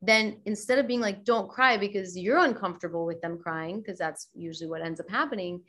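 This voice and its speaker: A middle-aged woman yoga teacher, talking as a guest in a relaxed interview, lively and quick to act out the voices she quotes. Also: lowish voice. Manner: animated, acts out quoted voices. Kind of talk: casual interview chat.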